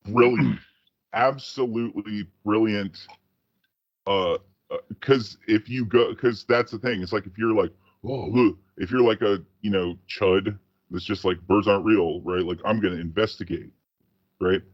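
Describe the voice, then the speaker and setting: A man's voice: lowish voice, fairly even intonation, unhurried, no room sound, dull audio. A man co-hosting a casual podcast, telling a long rambling story full of profanity and restarts. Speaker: podcast co-host. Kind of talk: casual chat.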